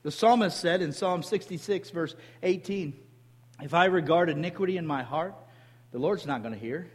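Man, pastor, emphatic sermon, high voice, long church reverb. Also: moderate pace, husky. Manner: emphatic preaching with call-and-response.

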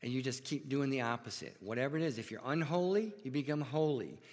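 A man preaching a sermon as pastor in a church, earnest and deliberate, asking his congregation rhetorical questions. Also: mid-range voice, animated, long reverb tail.

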